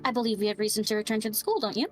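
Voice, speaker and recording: Gm doing a cool polite lady detective, smooth and brisk, bit high, faint music. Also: close to an everyday voice. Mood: poised. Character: composed polite female investigator in a trench coat.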